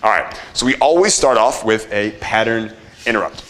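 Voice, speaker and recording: Young guy lecturing a room full of people, pumped up, keeps firing questions at the crowd, kinda low voice. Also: moderate pace. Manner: energetic, quizzes the audience, swears casually. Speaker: marketing workshop instructor. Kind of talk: live workshop teaching to an audience. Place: room with a live audience.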